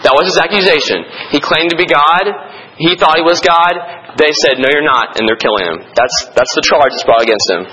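A man's voice: fairly high pitch, a little fast, pushed and bright, husky, poor audio. A man teaching a Bible study, telling listeners which verses to underline and circle and explaining with rhetorical questions.

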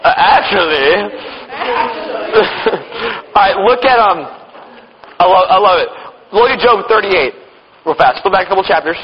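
A high-voiced man gives a church-conference Bible lesson full of jokes and sarcastic asides, chuckling as he goes. The sound is dull and lo-fi, with a long hall reverb and faint background noise. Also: animated, measured pace, long pauses. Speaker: speaker teaching at a church conference. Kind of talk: humorous Bible teaching talk.

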